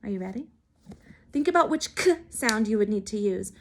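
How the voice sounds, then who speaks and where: A woman teaching a phonics lesson to young children, sounding out letters and syllables slowly and clearly. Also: medium pitch, animated. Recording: recorded for remote learning.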